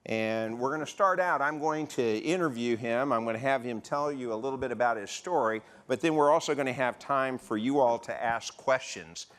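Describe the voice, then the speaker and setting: A man's voice: mid-range voice, fairly bright tone. A man hosting an interview on a conference stage, speaking conversationally into a stage mic with frequent filler sounds. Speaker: health system CEO hosting a patient interview. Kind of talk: on-stage interview before a live audience. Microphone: stage microphone.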